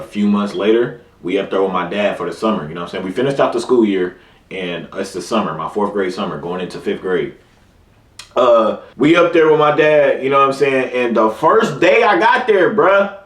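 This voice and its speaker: A man's voice: medium pitch, background noise. Laid-back young man telling a story. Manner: laid-back slangy talk, keeps saying "you know what I'm saying". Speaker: vlogger. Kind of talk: casual storytelling. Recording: roomy sound, far from mic, music behind.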